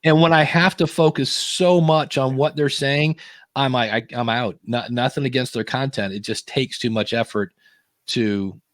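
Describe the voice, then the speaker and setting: A man's voice: mid-range voice, fairly even intonation, normal speed, dry recording, clean studio sound. Rambling jokey male podcast co-host. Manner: rambling, jokey, self-interrupting. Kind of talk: casual live podcast chat.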